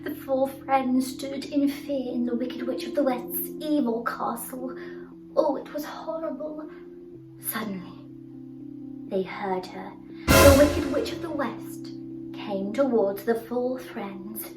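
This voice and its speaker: High-voiced woman telling a children's story. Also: slow. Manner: dramatic, expressive narration. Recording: roomy, distant, music behind.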